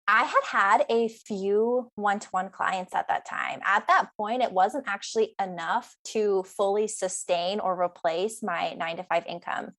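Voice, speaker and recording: A woman's voice: mid-range voice, a bit bright. Earnest young woman sharing her story. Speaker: guest coach. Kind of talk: podcast interview.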